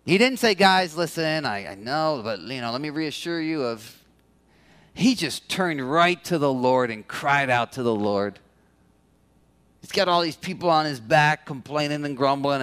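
Male pastor, high-pitched voice, animated sermon delivery. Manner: animated, acts out quoted complaints in a higher voice.

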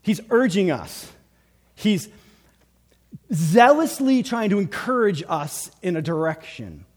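High-voiced preacher in a reverberant hall. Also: male voice, sing-song, takes it slowly, a little mellow. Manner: urgent, emphatic preaching with acted pep talks. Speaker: pastor. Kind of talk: sermon.

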